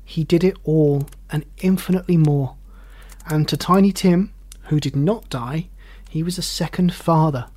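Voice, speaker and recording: Expressive male storybook narrator. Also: on the high side. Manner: expressive, measured. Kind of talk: storybook reading aloud.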